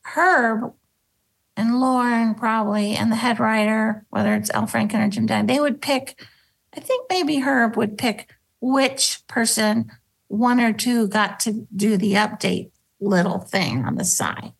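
A middle-aged woman, a former sketch comedy cast member, telling animated stories in a casual interview and acting out the quotes. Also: unhurried, gravelly, slightly rough, low-quality recording. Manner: animated, acts out quotes, drops into a low voice for bits.

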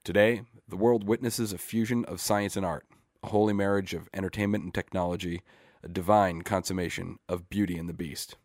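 A man's voice: low voice, steady tone, brisk, a little mellow, no room sound, studio quality. A man voicing a pompous male showman making grand declarations. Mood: grandiose.

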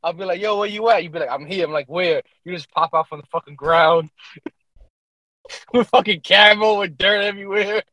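A man's voice: high voice, moderate pace, bright, forceful tone, no room sound, low-quality recording. A man in a casual, profane podcast chat who laughs and tells loose stories.

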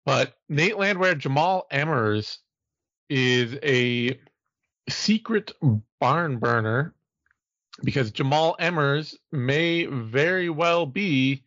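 A man's voice: fairly high pitch, expressive, slow, fairly bright tone, dry recording. A man hosting a sports podcast, breaking down upcoming fights in a chatty, analytical way with some self-mocking humor. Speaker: podcast host. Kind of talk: casual sports podcast chat. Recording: dull, slightly lo-fi dry sound.

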